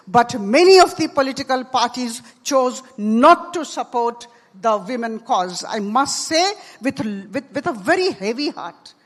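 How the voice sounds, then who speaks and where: A woman with an Indian English accent giving a forceful panel speech, stressing each point and repeating it for weight. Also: on the high side, expressive, measured pace. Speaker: panel speaker. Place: large conference hall. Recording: long hall reverb.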